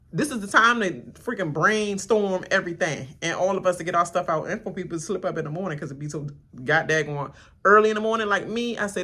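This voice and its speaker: Woman reaction vlogger, ranting in a bright, lively voice and slipping into mocking impressions. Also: moderate pace, husky. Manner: animated, laughing, acts out cast members in high mocking voices. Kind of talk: casual reaction rant.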